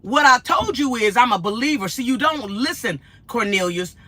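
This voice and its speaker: Direct, bright-voiced woman from Los Angeles. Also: on the high side, moderate pace, no echo. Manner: blunt, direct, animated storytelling. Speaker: livestream host, truck driver. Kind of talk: casual livestream chat.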